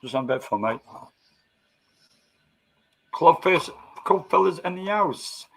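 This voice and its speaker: A man's voice: fairly high pitch, animated, unhurried, creaky, a bit bright, low-quality recording. A man hosting a casual live-stream chat, bantering with coarse slang and laughing often.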